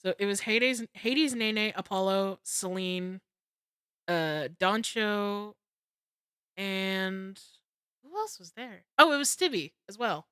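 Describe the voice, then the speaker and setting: A young woman streamer telling a story in casual chat, excitable and swearing freely. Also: mid-range voice, slow pace, smooth, dry recording, studio quality.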